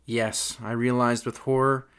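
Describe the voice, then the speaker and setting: A man's voice: medium pitch, little pitch movement, a little slow, a bit bright, clean tone. A man narrating a comic audiobook in a mock-earnest, wry manner.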